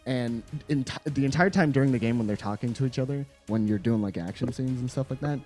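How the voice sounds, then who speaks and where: A man's voice: mid-range voice, quick pace, darkish tone, soft background music. A man co-hosting a video game review, talking in a loose, rambling way with laughs and casual swearing. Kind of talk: casual chat.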